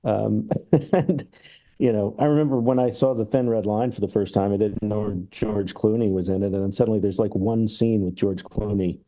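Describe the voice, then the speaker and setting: A man's voice: lowish voice, steady tone, moderate pace, warm tone. A man talking casually as a podcast guest about film, thoughtful and musing, who acts out comedy sketches as he retells them.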